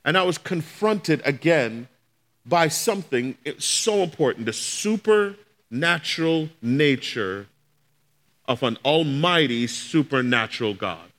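A man's voice: on the high side, expressive, takes it slowly, fairly bright tone. A middle-aged man, a pastor, telling a personal testimony as a sermon, acting out the voices of the people in his story. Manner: storytelling, acts out quoted voices.

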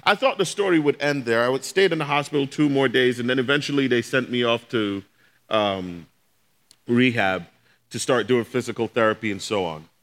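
A man's voice: mid-range voice, moderate pace, fairly bright tone. A middle-aged man, a pastor, telling a personal testimony as a sermon, acting out the voices of the people in his story. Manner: storytelling, acts out quoted voices.

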